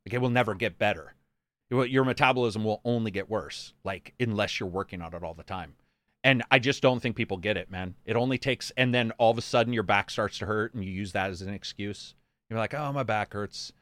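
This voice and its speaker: A man's voice: on the low side, a little fast, a bit bright, no room sound. Profane, jokey man with a dry sound. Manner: profane, jokey storyteller acting out quotes. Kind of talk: casual chat.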